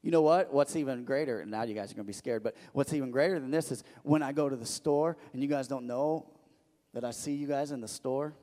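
A man preaching a sermon as pastor, telling stories in an animated, restarting way. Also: medium pitch, a little fast. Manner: animated storytelling with many restarts. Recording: long church hall reverb.

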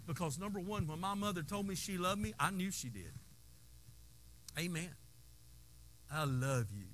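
A man preaching a sermon in a high, bright voice, folksy and full of call-and-response. He swings from soft, intimate moments to playful asides, with faint room ambience behind him. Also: slight background noise. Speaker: pastor.

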